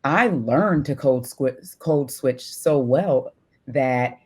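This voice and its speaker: A woman with a low, deep voice talks through her story in a relaxed podcast chat. She laughs often and keeps checking in with "right?" as she goes. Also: drawn-out words, breathy edge. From Syracuse, New York. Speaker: podcast co-host. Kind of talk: casual chat.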